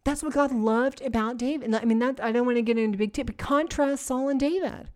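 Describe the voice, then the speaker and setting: Female preacher, fairly high voice, lively conversational teaching, emphatic and repetitive, asks the room questions. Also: a little fast. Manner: energetic, repetitive, emphatic lists; addresses listeners directly with rhetorical questions. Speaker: women's ministry teacher.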